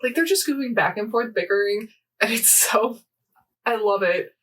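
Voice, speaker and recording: A woman's voice: fairly high pitch, animated, normal speed, a bit bright, far from the mic. A young woman co-hosting a casual podcast, rambling animatedly through a story recap with lots of fillers and quoted lines. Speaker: podcast co-host. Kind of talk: casual chat recapping a game event.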